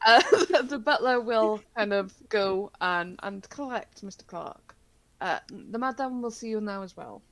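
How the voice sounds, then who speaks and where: A woman runs a tabletop horror game as game master, talking slowly with lots of fillers. Her voice carries a gravelly fry, and she laughs along with her players. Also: medium pitch, expressive, fairly bright tone. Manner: halting, many fillers, laughs often.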